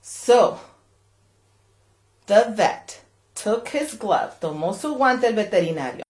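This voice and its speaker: Lively, slow-reading woman storyteller. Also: medium pitch. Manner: animated, switches between English and Spanish line by line. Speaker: library storyteller. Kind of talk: bilingual children's read-aloud. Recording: echoey room.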